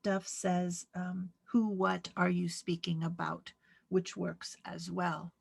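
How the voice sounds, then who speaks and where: A woman's voice: on the low side, little pitch movement, slow, creaky, breathy edge. A woman teaching a Greek grammar lesson, patiently walking through each example and answering her own questions. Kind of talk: slow, step-by-step lesson with many fillers.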